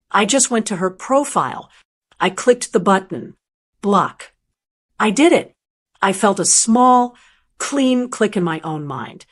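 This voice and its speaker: An older woman narrating a first-person story in a calm, measured, plainspoken way. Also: medium pitch.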